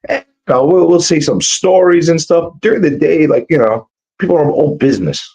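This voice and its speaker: A tired man rambling in a casual, profane livestream chat, sounding rough from no sleep and cigarettes. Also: a little high, brisk, warm tone. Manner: rambling, profane, full of restarts and fillers. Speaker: guest on a livestream. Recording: dull lo-fi stream audio.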